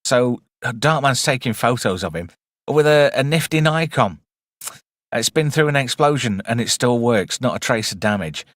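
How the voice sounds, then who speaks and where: A man hosts a casual live film review stream, chatty and wry, drifting into rambling asides. His mid-range voice is fairly bright with lively intonation and a moderate pace, captured in clean studio sound with no room noise.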